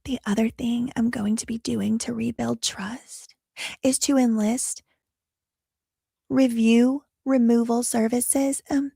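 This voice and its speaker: A woman putting on a breathy, sugary corporate marketer. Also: high voice, no echo, clean studio sound, pitched above the performer's own voice, full character voice. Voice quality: breathy, half-whispered. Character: prim soft-spoken female corporate marketing director. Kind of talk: mocking impression.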